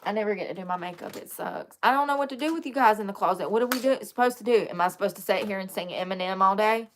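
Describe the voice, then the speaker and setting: A young woman with a drawl talks casually to her viewers as she does her makeup. She is chatty and confessional, cracking jokes and laughing often at herself, with a voice of middling pitch. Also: fast, a little hiss or hum. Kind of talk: casual live-stream chat.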